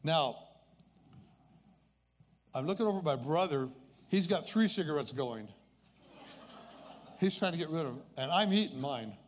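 A man's voice: fairly high pitch, animated, normal speed, pauses often, a little hiss or hum. A man in his eighties telling a personal story as a faith testimony in an earnest, conversational way. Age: 80s. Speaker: speaker sharing a personal testimony.

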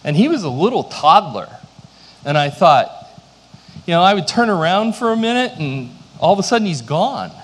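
A man's voice: high-pitched, big pitch swings, moderate pace. Man preaching a sermon in a reverberant hall. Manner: storytelling with self-deprecating humor. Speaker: pastor.

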